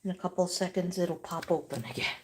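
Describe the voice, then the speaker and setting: A woman's voice: lowish voice, fairly even intonation, quick pace, background noise. A middle-aged woman chatting on a live stream, telling rambling, emotional stories and often dropping to a near-whisper. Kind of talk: casual live-stream chat.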